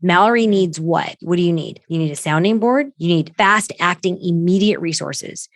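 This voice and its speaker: Blunt, emphatic low-voiced woman. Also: no room sound. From United States. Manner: blunt, emphatic, quick asides, acts out quoted voices. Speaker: podcast guest, crisis consultant. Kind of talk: candid conversational interview.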